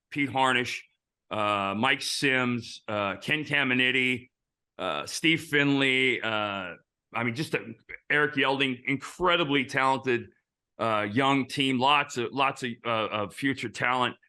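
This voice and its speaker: A man's voice: medium pitch, slow, sharp tone, clear, resonant tone. A middle-aged man, a former ballplayer, casually telling rambling stories with many fillers and restarts, acting out the dialogue he quotes. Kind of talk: casual storytelling.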